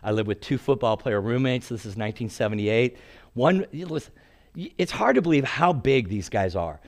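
A man's voice: medium pitch, lively intonation, moderate pace. A man in his sixties preaching a sermon in a storytelling way, acting out quotes and laughing at his own stories.

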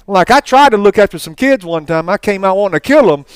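A man preaching a storytelling sermon, folksy and animated, with asides and laughs. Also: sits high, fast talker, smooth, dry recording.

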